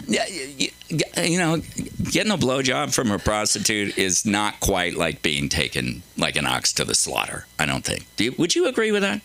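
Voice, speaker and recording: A male stand-up comedian on a club stage, talking into a handheld mic, swinging between deadpan asides and loud, exaggerated readings. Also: low-pitched, moderate pace, vocal fry, poor audio.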